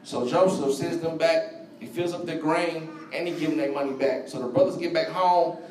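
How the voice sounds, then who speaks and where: A man's voice: fairly high pitch, fairly even intonation, normal speed, darkish tone. A man preaching a sermon in slangy, conversational speech, talking straight to his congregation. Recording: echoey room, voice from far off.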